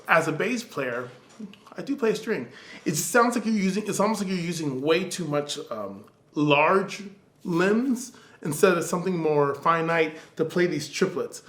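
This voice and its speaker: A man's voice: fairly high pitch, expressive, measured pace, fairly bright tone, roomy sound. A man giving feedback in a casual spoken lesson, singing passages aloud in syllables and talking in loose restarts. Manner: scats the music aloud in sung syllables. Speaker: music teacher giving feedback.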